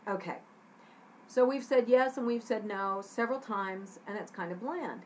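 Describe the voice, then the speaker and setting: A woman's voice: medium pitch, normal speed, slight background noise, poor audio. A woman teaching a scriptwriting lesson to young students. She acts out short example lines in different voices and checks in often with "okay?".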